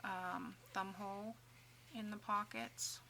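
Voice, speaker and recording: Chatty woman with a bright voice. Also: mid-range voice, fairly even intonation, takes it slowly, creaky, slight background noise. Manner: chatty, self-deprecating, mutters softly while working. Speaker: craft tutorial host. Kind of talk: casual crafting tutorial.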